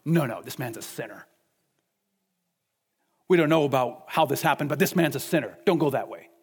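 A man voicing stern, legalistic religious leaders in a low, dismissive mutter while preaching. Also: expressive, normal speed, breathy edge. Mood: scornful, dismissive.

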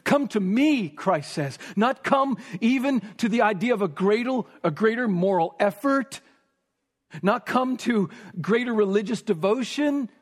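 A man preaching a sermon, emphatic and repetitive, sometimes dropping to a hush for stress. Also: high voice, expressive, unhurried. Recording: long reverb of a large hall.

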